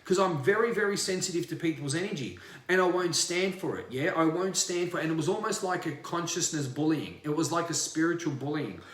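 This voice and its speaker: A man's voice: a little high, animated, brisk, a bit bright, roomy sound. A man, a spiritual coach, ranting in a livestream monologue, emphatic and profane and repeating himself.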